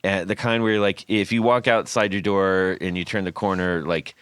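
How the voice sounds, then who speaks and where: Deep-voiced man telling stories on a podcast. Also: moderate pace, clear, resonant tone. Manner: animated, laughing storyteller. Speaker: podcast host. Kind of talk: casual podcast chat.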